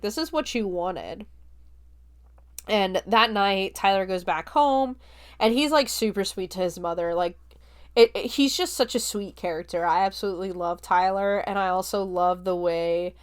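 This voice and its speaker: A young woman podcast host casually recapping and reviewing a film, chatty and full of filler words, swearing now and then. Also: medium pitch. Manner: chatty, heavy use of "like", relaxed swearing.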